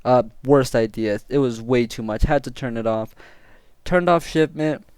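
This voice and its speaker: A young man telling a story to his viewers in a casual, excitable, slangy way and swearing freely. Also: medium pitch, moderate pace, clear, resonant tone, no room sound, clean studio sound. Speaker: storytime vlogger.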